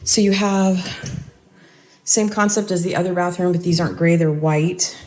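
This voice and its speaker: A woman's voice: fairly low pitch, fairly even intonation, normal speed, darkish tone. A woman casually narrating a house walk-through indoors, thinking aloud and hedging her guesses as she goes. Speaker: vlogger giving a house tour.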